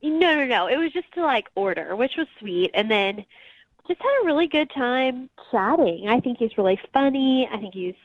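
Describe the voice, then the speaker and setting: A female caller telling her story in a friendly, chatty way. Her voice is fairly high. The phone line sounds a little dull and dry. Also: expressive, moderate pace, no echo. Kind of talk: phone-in chat.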